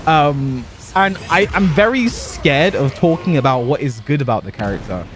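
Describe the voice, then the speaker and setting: A young man with a slightly raised voice talks loosely over his gameplay. He is animated and hyperbolic, laughing at himself at times, and faint music plays behind him. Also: on the high side, moderate pace. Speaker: pro fighting game player and content creator. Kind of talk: casual commentary over gameplay.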